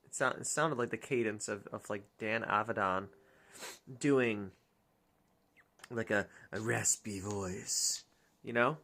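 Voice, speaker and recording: A woman's voice: a bass voice, takes it slowly, long pauses, fairly bright tone. A woman streamer chatting casually and musing aloud to her chat as she plays a dating game. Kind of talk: casual gameplay commentary.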